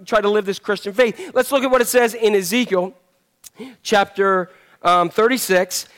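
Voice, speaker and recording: High-voiced joking man preaching. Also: normal speed, fairly bright tone. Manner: conversational, joking with the congregation; moves about handing out fruit while talking. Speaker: pastor. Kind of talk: sermon. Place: church sanctuary.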